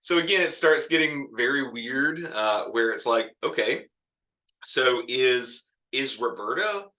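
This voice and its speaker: Male lit teacher, casual and rambling, very bright tone. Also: mid-range voice, lively intonation, a little slow. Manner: chatty, digressive, laughs often. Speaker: literature teacher. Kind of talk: casual classroom lecture.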